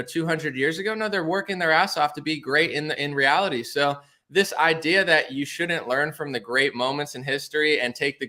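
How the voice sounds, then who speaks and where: A man's voice: a little high, pushed and bright. A man appearing as a podcast guest over a call, rambling in casual chat with many filler words. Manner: rambling, lots of filler likes.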